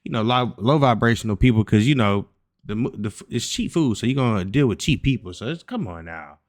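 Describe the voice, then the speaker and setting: A man's voice: lowish voice, expressive, brisk, slight background noise. A man commenting on a video in a blunt, profane, casual way. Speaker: reaction video host.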